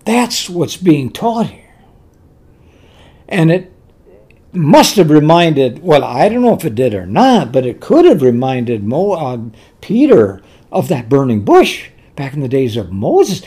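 A preacher delivering a sermon, emphatic and animated, repeating key words and restarting phrases as the story builds. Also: mid-range voice, unhurried, slightly rough.

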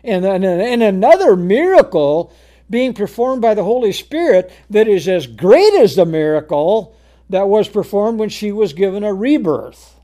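A man preaching a sermon, reading scripture aloud in old-fashioned wording and explaining it in plain speech, often repeating words and rising to loud emphasis on key words. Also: sits high, sing-song, measured pace.

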